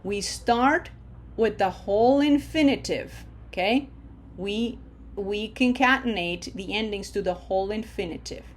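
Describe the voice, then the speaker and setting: Woman teacher, unhurried, drawn-out vowels, frequent check-ins, mid pitch. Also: slight background noise. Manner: models words slowly with drawn-out vowels, frequent "okay?" checks. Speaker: Spanish teacher. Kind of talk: slow, deliberate language lesson.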